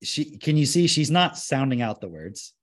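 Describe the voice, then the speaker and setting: A man hosting a podcast, a young adult or middle-aged father of a four-year-old, chats casually in a mid-range voice at normal speed. He's animated, with big pitch swings, and acts out the voices of the people he quotes.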